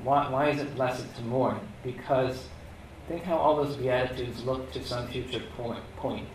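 A preacher teaches a Bible lesson conversationally, posing rhetorical questions and frequently checking in with "okay?". His mid-range voice is steady and unhurried. The room is echoey, the mic sits at a distance, and there's a little hiss or hum.

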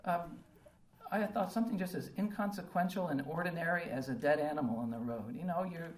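A woman's voice: lowish voice, fairly quick. A woman preaching a sermon, earnest and full of rhetorical questions, with frequent um fillers. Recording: roomy echo from a distant mic, faint ambience.

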